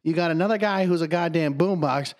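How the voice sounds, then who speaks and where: A man co-hosting a casual podcast chat, excitable and joking, with casual swearing. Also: on the high side, a little fast. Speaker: podcast co-host.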